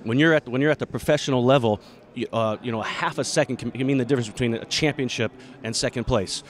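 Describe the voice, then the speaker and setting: Earnest man pitching his company. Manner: earnest, halting, with many restarts. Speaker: company founder pitching a product. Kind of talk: product pitch interview. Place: busy expo floor.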